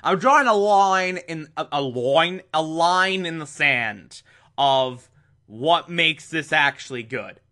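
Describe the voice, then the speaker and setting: This man's casual review of an old TV episode is sarcastic and exasperated, punctuated by sudden pitch jumps for emphasis. He sounds animated yet speaks slowly, his tone bright and forceful.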